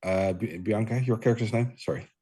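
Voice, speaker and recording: A man's voice: on the low side, brisk, warm tone, breathy edge. A man playing in a tabletop role-playing game, speaking casually and hesitantly, often stammering and restarting. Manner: hesitant, stammering, self-deprecating. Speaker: player.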